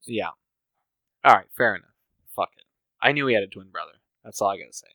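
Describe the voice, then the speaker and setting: A man rambles through a loose, beer-fueled movie chat, swearing freely and breaking into laughter. His voice is bright and close, with a dry sound and no room around it. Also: on the low side, lively intonation, fast talker, vocal fry, no room sound. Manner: profane, laughing, rambling with fillers. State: drinking beer. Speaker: podcast co-host. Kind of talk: casual chat, movie talk.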